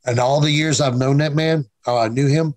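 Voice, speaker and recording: A man's voice: mid-range voice, steady tone, moderate pace, heavy background noise. Blunt, profane man in his fifties. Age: 50s. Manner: blunt, profane, acts out quoted dialogue. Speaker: guest, former pro wrestler. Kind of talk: casual storytelling interview.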